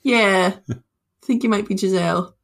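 Gravelly woman tossing in quips. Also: medium pitch, normal speed. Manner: short quips and reactions. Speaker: podcast co-host discussing a film. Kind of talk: casual chat.

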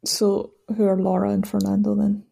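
Wry voice with a gravelly edge. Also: medium pitch, completely flat delivery, normal speed, mellow. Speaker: podcast co-host discussing a film. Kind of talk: casual chat.

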